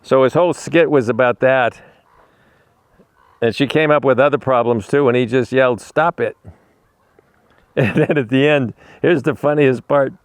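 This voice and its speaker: A man with a smooth, resonant voice rambles through an anecdote, often repeating and restarting his words. He chats fondly to a dog while outdoors. His voice sits in the middle of the male range and sounds dry and close. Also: medium pitch, a little slow, pauses often, no echo. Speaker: animal rescuer. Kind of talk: casual storytelling while feeding a dog.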